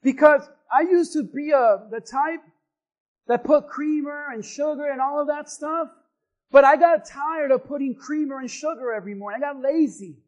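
A man preaching a sermon as pastor, swinging between quiet asides and shouted refrains. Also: extremely high pitch, moderate pace, rough recording.

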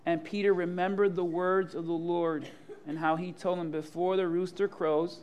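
A man delivering a sermon with a fairly high voice. He reads scripture, then retells it in casual, animated voices, mixing drama with humor. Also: normal speed, a little hiss or hum. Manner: animated, acts out Bible scenes in casual voices, laughs often. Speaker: preacher.

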